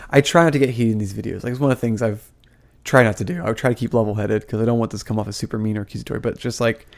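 A young vlogger who once attended ministry school talks heatedly to camera in rapid-fire bursts, his lowish voice edged with vocal fry. His casual commentary is full of fillers, restarts and frustrated asides.

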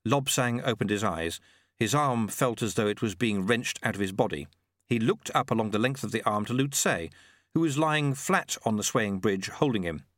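A male audiobook narrator telling a fantasy story with a lively, rising and falling voice. The sound is dry and close, with no room around it. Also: lowish voice, normal speed, no echo. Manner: expressive storytelling. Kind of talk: scripted narration.

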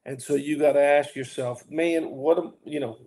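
A man's voice: fairly high pitch, steady tone, moderate pace, dark tone. A man co-hosting a casual Bible talk show as pastor, talking earnestly with lots of restarts and preacherly emphasis. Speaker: pastor and co-host.

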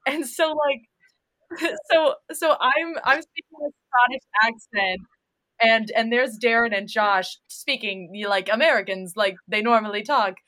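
Young actress gushing through stories, voice on the high side. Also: female voice, measured pace. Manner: animated, excitable storytelling. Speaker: stage actress, guest. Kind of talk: casual chat.

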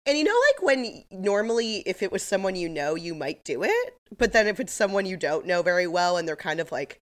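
A woman's voice: medium pitch, big pitch swings, brisk. A woman in her thirties co-hosting a podcast, chatting casually and rambling with lots of fillers and laughs. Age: 30s. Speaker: podcast co-host. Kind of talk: casual chat.

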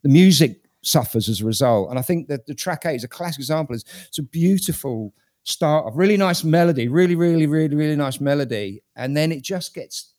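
A British man talks through an album in a relaxed panel chat. His opinions are blunt and frank, and he often repeats words while he gathers his thoughts. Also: fairly high pitch, a little fast. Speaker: music critic. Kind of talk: casual panel discussion.

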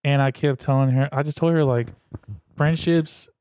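Easygoing podcast host, smooth voice. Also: medium pitch, fairly even intonation, normal speed, a little mellow, dry recording, clean studio sound. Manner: easygoing, agreeable backchannels. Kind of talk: casual podcast chat.

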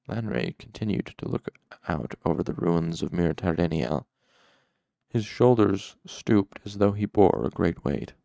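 Deep gravelly male audiobook narrator. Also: mellow, no room sound. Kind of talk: audiobook reading.

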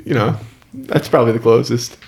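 A young man co-hosting a podcast, telling stories in a relaxed, rambling way. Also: medium pitch, fairly quick, vocal fry. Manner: relaxed, filler-heavy storytelling. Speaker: podcast co-host. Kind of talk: casual storytelling.

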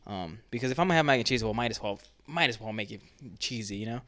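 A man's voice: on the low side, animated, fast, sharp tone, dry recording. A man co-hosting a casual fitness podcast as a trainer, rambling with lots of fillers like "you know" and "right".

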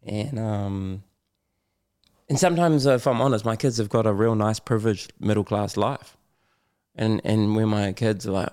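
A man's voice: on the low side, moderate pace. A middle-aged man, a podcast guest talking candidly, laughing often and swearing casually. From New Zealand. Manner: animated storyteller, swears, laughs often, acts out his own lines.

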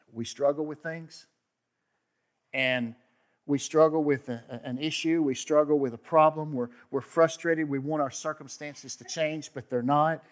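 A man preaching a sermon as pastor, talking conversationally, swinging from loud emphasis to hushed asides and acting out quoted voices. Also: fairly high pitch. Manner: acts out quoted voices with sudden outbursts.

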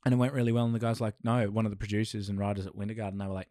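A man's voice: fairly low pitch, fairly even intonation, fast, darkish tone, dry recording, studio quality. A young man, an actor talking casually and rambling with many restarts. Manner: rambling, many repeated starts. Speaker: actor guest. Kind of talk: casual conversation.

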